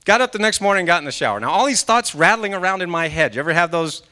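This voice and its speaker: A man's voice: high voice, animated, rapid-fire, pushed and bright, clean tone. A man in his forties from Maine, a guest speaker giving a motivational talk at a church service. He tells his story with animation, acts out his own inner voice, and draws the audience in with questions. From Maine, USA. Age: 40s. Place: church sanctuary during a live service.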